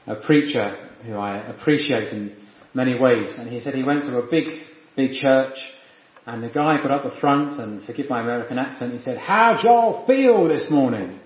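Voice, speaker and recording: A man's voice: mid-range voice, steady tone, moderate pace. A man preaching a sermon in an earnest, reflective teaching manner. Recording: echoey, dull lo-fi room sound.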